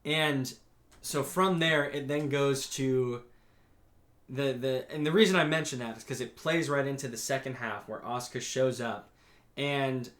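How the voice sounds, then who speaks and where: A young man talks through an anime episode on a casual podcast. His pitch sits in an ordinary middle range, and he reacts to scenes with animated bursts and the odd swear. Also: a little slow, reverberant. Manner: animated recapping, reads out scene quotes, swears freely. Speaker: podcast co-host. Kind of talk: casual chat.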